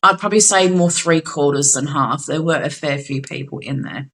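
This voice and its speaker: A woman's voice: sits low, moderate pace, fairly bright tone, poor audio. A young Australian woman co-hosting a podcast, telling a gig story in casual chat, acting out quotes and swearing casually. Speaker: podcast co-host.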